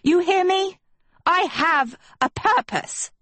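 A woman voicing a proud, scheming teenage girl in an audiobook, with a high, sing-song, coaxing delivery. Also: lively intonation, measured pace, a little mellow, husky, no echo. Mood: defiant. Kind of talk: audiobook character voice.

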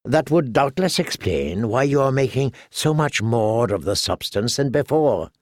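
A man's voice: medium pitch, animated, measured pace, dry recording, close to an everyday voice. A man reading an audiobook, voicing a blunt, sardonic lord who speaks dryly. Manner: dry and blunt.

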